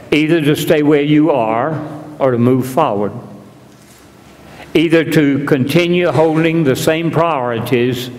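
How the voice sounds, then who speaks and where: A man preaching a sermon in a church, telling a story slowly and deliberately. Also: a little high, darkish tone, slight background noise. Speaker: pastor. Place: church sanctuary. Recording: long reverb in a large hall.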